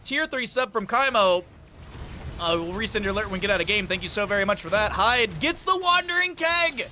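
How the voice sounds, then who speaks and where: Bright, high-voiced excitable male caster. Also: quick pace, slight background noise. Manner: excitable, rises sharply on big plays; chatty, jokes with viewers between plays. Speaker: esports caster. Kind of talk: solo play-by-play commentary with chat asides.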